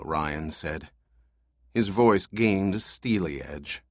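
A man narrating an audiobook in a measured, steady way. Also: a bass voice, no room sound, clean studio sound. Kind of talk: scripted narration.

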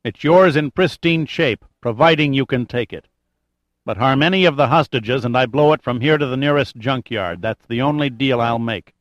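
A man's voice: medium pitch, moderate pace, no echo, dull audio, close to an everyday voice. A man voicing a cool, sardonic tough-guy hero who answers threats with cold wisecracks. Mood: hard defiant.

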